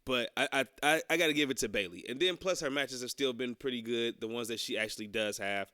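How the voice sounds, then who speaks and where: Raspy-voiced man, dry close sound. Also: mid-range voice, fast, bright, forceful tone, no room sound. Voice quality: raspy smoker's voice. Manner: blunt and profane, joking. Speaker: podcast co-host. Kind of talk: casual wrestling chat.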